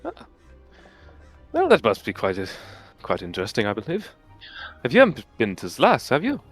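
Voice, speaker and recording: A man's voice: mid-range voice, moderate pace, soft background music. A young man playing his character in a tabletop game, answering in a polite, formal way. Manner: lively, breaks into laughter. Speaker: player.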